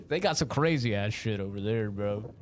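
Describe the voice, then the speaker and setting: A man's voice: on the low side, lively intonation, normal speed. A man, a streamer chatting casually with viewers, rambling and swearing freely, with faint background noise. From United States.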